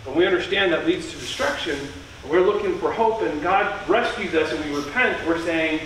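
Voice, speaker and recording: Brief: high-pitched male preacher, earnest and emphatic, recorded from a distance in a very echoey sanctuary. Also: normal speed, a bit bright, a little hiss or hum. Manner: earnest, emphatic, with repeated phrases. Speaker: pastor. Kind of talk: sermon. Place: church sanctuary. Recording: echoey church heard from a distance.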